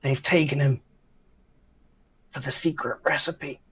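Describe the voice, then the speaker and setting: A man voicing an injured, weakened bodyguard freed from a cage, speaking haltingly. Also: mid-range voice, fairly even intonation, fairly bright tone, slight background noise, lightly acted. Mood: weak. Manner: weak, halting. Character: battered, weak human bodyguard prisoner, man.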